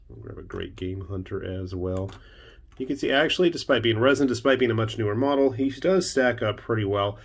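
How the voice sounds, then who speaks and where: A man's voice: fairly low pitch, fairly quick, creaky. A man hosting his own miniatures channel, chatting casually as he unboxes and builds a model, with wry asides and a bit of self-deprecating humour. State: hiccuping. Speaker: miniatures hobby channel host.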